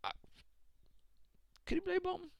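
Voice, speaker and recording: A man's voice: very high-pitched, little pitch movement, a little slow, gravelly, no echo, muffled recording. A man from the UK, casting a match alone on a live stream, chatty, often laughing and ranting at his chat. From United Kingdom. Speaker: esports caster. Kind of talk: solo live stream commentary.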